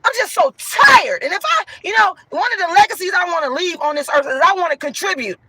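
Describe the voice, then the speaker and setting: A woman venting loudly and emphatically to her viewers, repeating herself as she talks. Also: extremely high pitch, expressive, quick pace, slight background noise, rough recording. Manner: loud, emphatic and repetitive. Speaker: vlogger.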